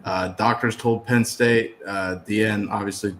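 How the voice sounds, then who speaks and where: A fairly low-voiced man reads breaking sports news on a talk show. He delivers it in a steady, measured way. Faint noise runs under the recording.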